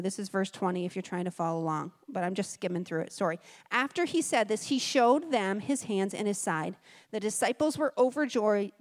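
A woman preaching a sermon in a church, telling stories in an emphatic, off-the-cuff way. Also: mid-range voice. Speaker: guest preacher.

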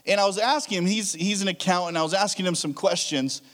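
A man's voice: high voice, quick pace, a bit bright. A man preaching a sermon as a pastor, telling stories in a casual way with frequent restarts. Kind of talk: conversational sermon.

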